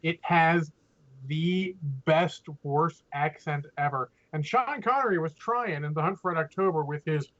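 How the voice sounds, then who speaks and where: A man's voice: fairly high pitch, unhurried, muffled recording. A man hosting a podcast, chatting casually and jokingly about a movie he watched. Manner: animated, jokey movie reviewing. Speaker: podcast host. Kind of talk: casual chat.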